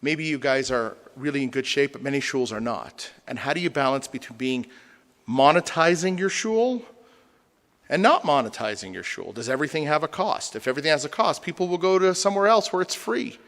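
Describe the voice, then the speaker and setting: A man's voice: a little high, lively intonation, brisk, fairly bright tone. A man, a rabbi, lecturing a congregation with humor and rhetorical questions. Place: synagogue hall. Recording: long hall reverb.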